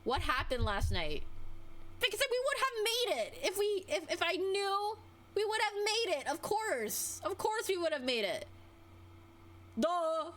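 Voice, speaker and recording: A woman's voice: expressive, unhurried, fairly bright tone. A young adult woman streamer ranting casually, exasperated, her voice swinging up and down as she vents. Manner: exasperated, venting, with wide pitch swings.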